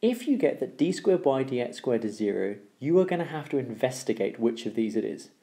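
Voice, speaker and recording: A man's voice: mid-range voice, sing-song, fairly quick. A man teaching a recorded maths lesson, explaining step by step, repeating the key rules and checking in with "okay?". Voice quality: gravelly, dark voice.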